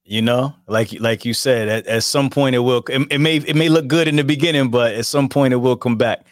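A man hosting a casual interview, easygoing, with quick affirmations and laughs. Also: mid-range voice, no room sound, studio quality. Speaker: podcast host.

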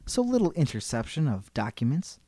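A man's voice: a little high, very animated, a little fast, warm tone, breathy edge, no echo. A man co-hosting a casual history podcast, telling the story and breaking into jokey voices. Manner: storytelling with jokey put-on voices, laughs a lot.

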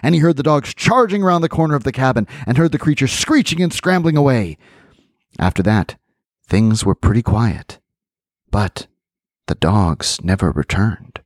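A man hosting a podcast, reading a folk tale aloud with animated storytelling and chatty asides. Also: mid-range voice, normal speed, no room sound, studio quality.

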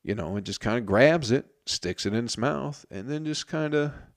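A man's voice: medium pitch, animated, normal speed. A man telling a story in a casual comedic monologue, profane and rambling, often interrupting himself.

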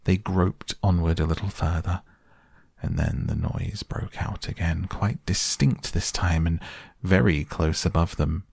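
A man reading a classic storybook softly as a bedtime audiobook, slow and even. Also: low voice, creaky, husky, no room sound, clean studio sound.

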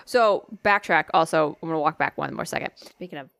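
Woman, low voice, foul-mouthed rambling storyteller in casual chat. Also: brisk, gravelly, no room sound. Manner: profane, rambling, animated storyteller.

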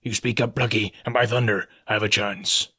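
A man voicing a cunning old male pirate cook, speaking in a slow, low, confiding drawl. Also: fairly even intonation, pushed and bright, breathy edge. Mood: scheming.

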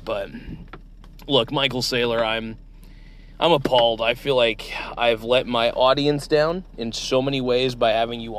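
A man's voice: medium pitch, a little hiss or hum. A man hosting a comedy sketch interview, playing a mock-outraged, exasperated interviewer. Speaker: show host.

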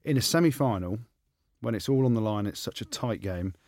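A low-pitched man in casual podcast banter, teasing his co-hosts and shooting up in pitch when he can't believe what he hears. The sound is dry and close, with no room around it. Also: fairly quick, dry recording. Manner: animated, teasing banter, rising high when incredulous. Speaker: podcast co-host, former rugby player. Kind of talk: casual chat.

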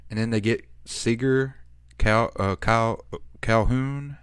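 A man hosting a casual sports podcast, talking in a relaxed, rambling way with plenty of fillers. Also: mid-range voice, slow, clean tone, no echo, clean studio sound. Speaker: podcast host.

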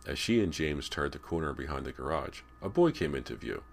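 Deep-voiced male audiobook narrator. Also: expressive, brisk, vocal fry, a little hiss or hum. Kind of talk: scripted narration.

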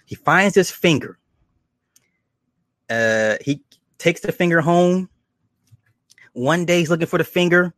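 A man casually retelling horror episodes, slipping into quick acted quotes and chuckles. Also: on the high side, a bit bright, dry recording, clean studio sound. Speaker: show reviewer.

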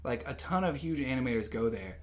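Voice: medium pitch, expressive, fast talker. A podcast co-host in casual chat, eagerly sharing fun facts from prepared notes.

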